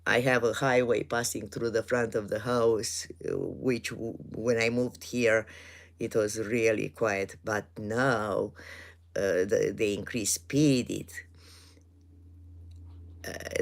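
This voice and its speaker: A woman's voice: extremely low pitch, steady tone. A woman in her sixties from Romania with a Romanian accent, chatting casually and hesitantly on a live stream from her home. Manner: hesitant, many pauses and fillers, chuckles often. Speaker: livestream host. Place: home in the woods.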